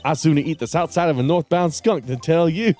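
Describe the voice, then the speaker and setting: A man's voice: fairly high pitch, brisk, a little mellow, soft background music, pitched above the performer's own voice, close to an everyday voice. A man voicing a brash, folksy woman witness with a sassy manner.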